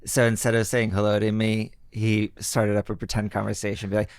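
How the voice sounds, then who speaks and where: Man, podcast co-host, low voice, deadpan, casual. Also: brisk, clear, resonant tone, no echo, studio quality. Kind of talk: casual comedic chat.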